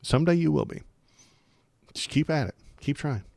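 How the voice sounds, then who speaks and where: A man's voice: a little high, lively intonation, moderate pace, vocal fry, darkish tone, dry recording. A man hosting a political livestream, talking casually with a sarcastic, rambling, jokey manner.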